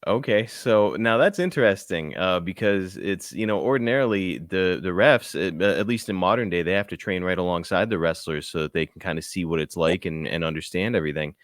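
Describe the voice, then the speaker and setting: A man's voice: low-pitched, brisk, hardly any pauses, no room sound, studio quality. A man co-hosting a podcast who asks curious, laid-back follow-up questions in a casual interview.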